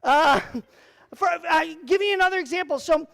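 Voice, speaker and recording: A youth pastor man with a high-pitched voice, speaking to a youth group. He tells his story in an animated, joking way, with plenty of "like" and "um" fillers. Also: normal speed, gravelly.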